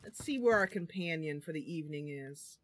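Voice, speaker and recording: Brisk and expressive, a low-voiced woman streams a role-playing game live. She's chatty and giggly, bursting into laughter often while reading the game's lines aloud.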